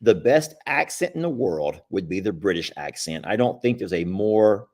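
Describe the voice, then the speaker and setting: A man's voice: lowish voice, lively intonation, normal speed, a little mellow. A middle-aged man, hosting a live stream in a folksy, rambling, casual way and chuckling often.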